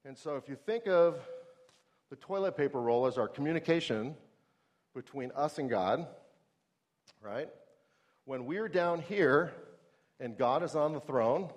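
A middle-aged man preaching a sermon in a conversational way, asking the audience questions and acting out everyday scenes. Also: medium pitch.

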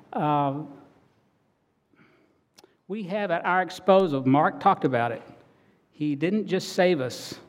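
A middle-aged married man preaching a sermon, telling stories earnestly and swinging between loud and soft. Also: a little high, long reverb tail. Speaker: pastor.

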